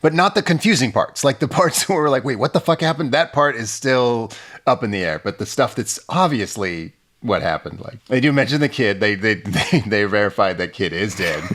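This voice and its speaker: Bright, lively joking man. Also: on the low side, normal speed. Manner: joking, sarcastic. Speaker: podcast co-host. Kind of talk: casual chat.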